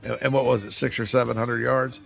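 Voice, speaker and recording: Brief: male sports radio host, gravelly edge, bright forceful tone, chatty and joking, faint music underneath. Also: mid-range voice, level tone. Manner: chatty and joking, quick asides. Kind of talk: casual sports talk.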